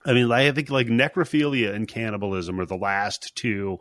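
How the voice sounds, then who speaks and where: A man's voice: on the low side, steady tone, moderate pace, fairly bright tone, no echo, studio quality. A man hosting a podcast, telling a movie's story in casual chat and acting out the characters as he goes. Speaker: podcast host.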